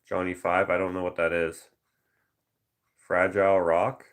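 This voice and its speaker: A man painter chatting casually on a live stream, musing aloud over viewer suggestions and slipping into quick movie-quote voices. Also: deep voice, little pitch movement. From Canada.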